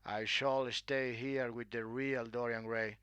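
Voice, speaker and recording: A man's voice: mid-range voice, level tone, takes it slowly, fairly bright tone, clear, resonant tone, no echo. A man voicing an earnest, devoted painter who speaks with feeling in a read-aloud story. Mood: sad. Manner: earnest, emotional. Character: older male painter, devoted and hurt.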